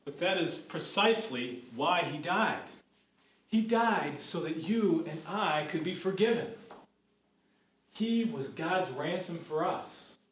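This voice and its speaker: An earnest, gentle apostle, played by a man in a church skit, who speaks slowly and consoles others. The voice sits fairly high and sounds a little dull, in a roomy space with faint ambience behind it. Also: slight background noise. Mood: consoling.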